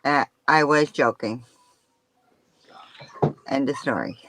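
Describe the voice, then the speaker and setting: A woman calling in to a casual live chat, easygoing and quick to laugh things off. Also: very deep voice, a bit bright, a little hiss or hum, rough recording. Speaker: guest caller.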